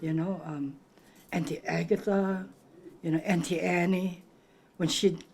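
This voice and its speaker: Older woman from Hawaii, Pidgin-tinged English, low-pitched, rambling reminiscence. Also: steady tone, a little slow, creaky. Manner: warm, rambling, searches for words. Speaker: granddaughter sharing memories. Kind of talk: conversational reminiscing.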